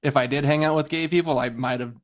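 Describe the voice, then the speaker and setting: A young man from Southern California with a soft voice and a slight lisp, chatting easygoingly as a podcast guest with plenty of fillers. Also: on the high side, fairly even intonation, quick pace. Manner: easygoing, hesitant, lots of fillers. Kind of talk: casual chat.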